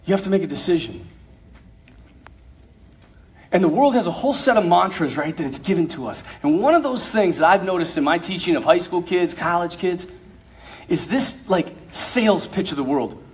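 A man, a priest, telling a story to young people in an animated, joking way, acting out the people he quotes. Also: high-pitched, moderate pace. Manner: animated, jokey storyteller who acts out quotes.

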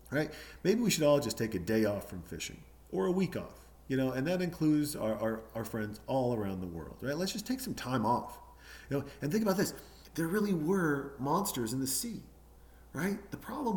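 A man ranting in a loose, casual monologue. His voice sits at an ordinary middle pitch, and he talks in a profane, animated way. He keeps checking in with "right?" and slips into mock voices for the people he quotes.

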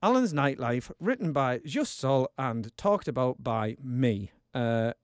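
A man hosting a dance-music radio show, bantering excitedly and shouting his praise. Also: mid-range voice, slow pace, no room sound, studio quality. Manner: exuberant, loud shouts of praise.

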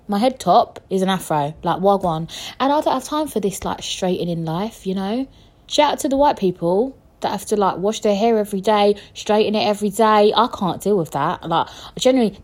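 A young woman chatting casually on her podcast, frank and jokey, swearing freely and talking straight to her listeners. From England. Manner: lively swings in pitch and loudness. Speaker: podcast host.

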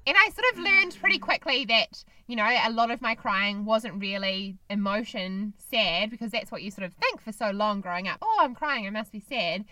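A woman's voice: mid-range voice, lively intonation, normal speed, hardly any pauses, sharp tone, no echo. A woman co-hosting a casual chat podcast, talking in an earnest, reflective and opinionated way.

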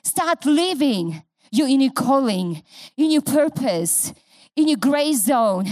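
High-voiced accented woman pastor preaching. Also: very animated, takes it slowly, darkish tone, no room sound, studio quality. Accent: non-native English. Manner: impassioned preaching, repeats phrases for emphasis. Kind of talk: sermon.

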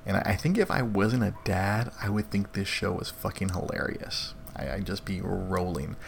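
Low gravelly-voiced man rambling. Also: normal speed, slight background noise. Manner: rambling, profane, many restarts. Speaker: live stream host. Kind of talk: casual chat.

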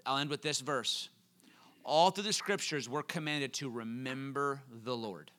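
A young man preaching a sermon, telling a story with quoted voices and laughs before building to fervent, loud calls. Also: mid-range voice, a little slow. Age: young adult. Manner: laughs between lines.

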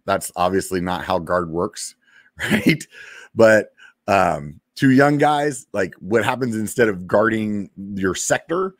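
Deep-voiced man telling a war story. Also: dry recording, clean studio sound. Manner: laid-back, profane, drawn-out pauses and fillers. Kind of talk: casual storytelling.

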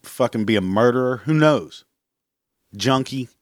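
A man hosting his own podcast, venting in a loose, profanity-laced rant and chuckling at his own punchlines. His voice sits at an ordinary middle pitch. The sound is close and dry, with no room around it. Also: expressive, measured pace, no echo. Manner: profane, blunt, laughs at his own jokes. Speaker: podcast host. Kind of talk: casual solo rant.

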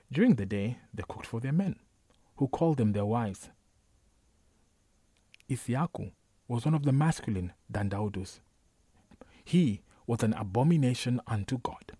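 A man reading a novel aloud as a narrator, measured and unhurried, sometimes dropping to a whisper. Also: medium pitch, mellow, breathy edge, no echo. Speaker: audiobook narrator. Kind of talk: scripted narration.

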